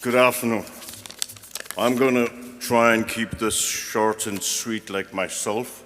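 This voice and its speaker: A man's voice: medium pitch, fairly even intonation, slow, fairly bright tone, slight background noise. A man, a university regent, giving a rambling, joking commencement speech from a podium. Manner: joking, rambling and self-deprecating. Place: large ceremony hall. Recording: long hall reverb.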